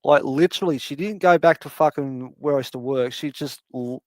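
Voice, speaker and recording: A man telling a long, animated story in casual chat, swearing freely and acting out his cat's voice. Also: mid-range voice, brisk, no echo.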